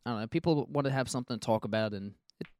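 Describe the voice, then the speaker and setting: A man's voice: mid-range voice, rapid-fire, a little mellow, dry recording. Rambling male podcast host, dry sound. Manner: rambling, self-interrupting, jokey. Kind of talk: casual podcast chat.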